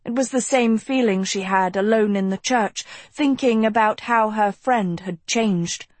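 Female storybook narrator, measured and unhurried, close studio mic. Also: mid-range voice, no echo. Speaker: audiobook narrator.

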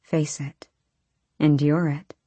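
A woman voicing a calm, determined female healer who speaks in a steady, firm, commanding way. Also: sits low, slow, breathy edge, dry recording, full character voice.

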